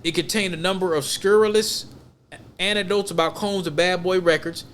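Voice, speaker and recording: A man's voice: high-pitched, steady tone, normal speed, fairly bright tone, smooth. A man co-hosting a podcast, talking in a loose, rambling, emphatic way full of slang. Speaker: podcast co-host. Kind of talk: casual podcast chat.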